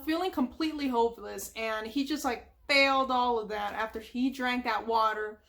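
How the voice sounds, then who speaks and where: A woman with a high voice retelling a cartoon episode from memory for an ASMR channel. She chats along with plenty of asides and fillers. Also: moderate pace, fairly bright tone. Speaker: ASMR storyteller.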